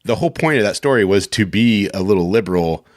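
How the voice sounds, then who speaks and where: Male podcast co-host, very low register, animated delivery, casual swearing, dry close mic. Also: quick pace, dry recording. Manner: animated, laughs often, swears freely. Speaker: voiceover reader and podcast co-host. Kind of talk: casual chat and recording session.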